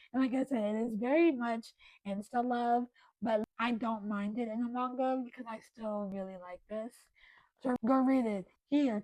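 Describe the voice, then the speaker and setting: A young woman chatting casually on her book vlog, gushing and excitable with bursts of loud enthusiasm. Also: a little high, no echo, rough recording. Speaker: book vlogger. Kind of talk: casual chat.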